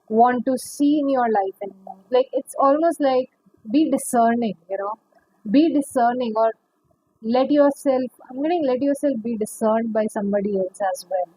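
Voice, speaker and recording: A woman's voice: sits high, darkish tone, no echo, low-quality recording. A woman giving a pick-a-card tarot reading, chatty and rambling, calling the viewer honey. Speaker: tarot reader.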